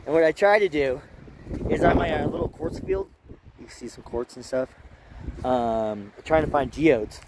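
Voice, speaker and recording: A man's voice: medium pitch, expressive, a little slow, heavy background noise. A man vlogging outdoors at a mountain campsite while hiking, chatty and rambling, a little tired, talking into a handheld camera. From Alaska. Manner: chatty, rambling, self-interrupting. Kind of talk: casual vlog narration.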